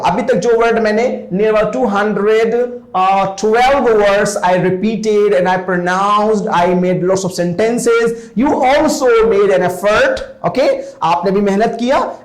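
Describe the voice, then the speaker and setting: A man's voice: high-pitched, echoey room. A man with an Indian English accent teaching spoken English, drilling words through repeated example sentences and switching into Hindi now and then. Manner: repetitive, animated drilling, mixing in Hindi.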